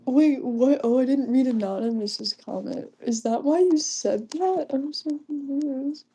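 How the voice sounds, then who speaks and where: A young woman livestreaming in a casual chat, reading comments aloud, often giggling and keeping her voice hushed. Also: sits high, unhurried, slightly rough.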